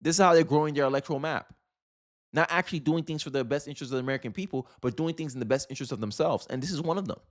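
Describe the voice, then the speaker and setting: A man's voice: a little high, rapid-fire. A man from Florida hosting a political commentary video, ranting heatedly and emphatically in casual slang.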